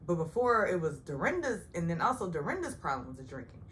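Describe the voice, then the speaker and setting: Chatty, sarcastic woman with a lively voice. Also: fast talker, a little hiss or hum. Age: older. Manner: chatty and sarcastic, acts out quotes in high voices. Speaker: recap host. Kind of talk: casual TV recap vlog.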